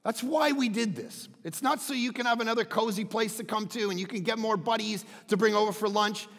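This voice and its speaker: A middle-aged man preaching a sermon as pastor, often breaking into shouts. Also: high-pitched, a little fast, creaky, long reverb tail.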